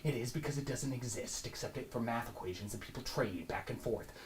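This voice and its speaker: A man playing a brash, profane finance show host in an improvised comedy monologue, rambling and boastful, swinging between loud laughing shouts and low mutters. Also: brisk, slight background noise, lightly acted.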